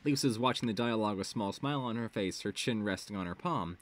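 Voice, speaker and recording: A man's voice: on the low side, fast talker. A young man streaming as he reads a web serial aloud, breaking off into casual, sweary, joking commentary. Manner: laughs a lot, swears freely, goes off on tangents.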